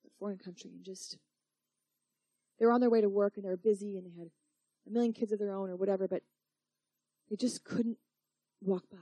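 A woman voicing God as a loving father who asks her calm, searching questions. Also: mid-range voice, fairly quick, pauses often, dry recording, close to an everyday voice. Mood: tender.

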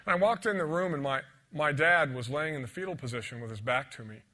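A man delivers a sermon as a personal testimony, with a bright, forceful edge to his voice. He tells his story dramatically, sinking to hushed whispers and then building to loud, emphatic peaks. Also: a little high, fast talker. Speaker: preacher.

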